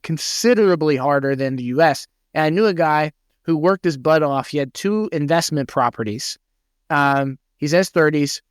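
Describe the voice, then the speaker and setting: A man's voice: fairly high pitch, no room sound, clean studio sound. A man hosting a podcast, talking in a thoughtful, rambling way with many restarts. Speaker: podcast host. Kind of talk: casual conversation.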